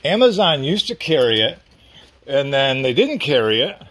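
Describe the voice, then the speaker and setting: A middle-aged man with a plain mid-pitched voice, talking off the cuff as he putters around his home garage. He rambles and swears mildly between jobs, and his phone picks it all up. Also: very animated, moderate pace, fairly bright tone. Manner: rambling, chatty, mild cursing. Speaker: garage vlogger. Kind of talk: casual workshop chat. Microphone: phone camera.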